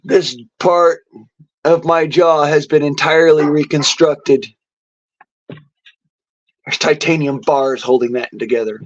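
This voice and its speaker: A man's voice: on the high side, steady tone, takes it slowly, long pauses. A man delivering a defiant, boastful rant to camera, swearing heavily. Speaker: vlogger. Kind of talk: profane angry rant. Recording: dull lo-fi audio.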